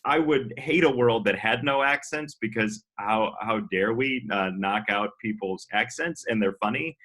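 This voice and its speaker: A man who works as a sports broadcaster, a podcast guest chatting on a video call and telling lively stories, acting out the voices of people he quotes. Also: lowish voice, normal speed. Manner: animated, acts out quotes in storytelling. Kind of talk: casual chat.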